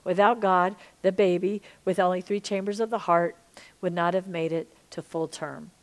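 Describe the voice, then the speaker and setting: Middle-aged woman preaching on a podcast, lowish voice, goes from whisper quiet to loud and fired up. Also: fairly even intonation, normal speed. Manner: impassioned, swings from hushed whispers to loud emphasis. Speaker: Christian teacher and minister. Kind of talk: sermon-style teaching podcast.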